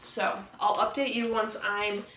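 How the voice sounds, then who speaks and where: A woman vlogging casually about a book she is reading, reacting in a hushed, chatty way. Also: medium pitch, little pitch movement, measured pace, a little hiss or hum. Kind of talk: casual reading vlog chat.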